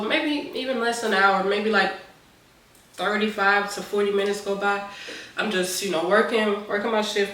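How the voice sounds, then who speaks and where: A young woman chats through a personal story for her viewers in an animated, casual way. Her voice sits at a middle pitch. The room gives it a clear echo, and she sounds a bit back from the mic. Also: far from the mic. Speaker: vlogger. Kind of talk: storytime mukbang chat.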